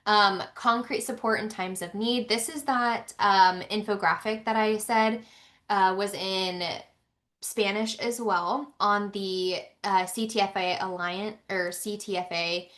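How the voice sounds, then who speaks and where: A woman's voice: mid-range voice, steady tone, unhurried, a bit bright. Woman trainer leading a live webinar lecture: conversational and loose, plenty of fillers and restarts. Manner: chatty, many ums and restarts.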